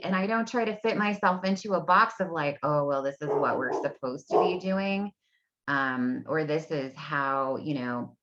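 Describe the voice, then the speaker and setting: A woman's voice: low voice, fairly bright tone, highs cut off. A woman in her thirties, an energy healing coach, chatting casually and rambling to her audience from her home, with lots of fillers. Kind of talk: casual solo talk to camera. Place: home room. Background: dogs barking.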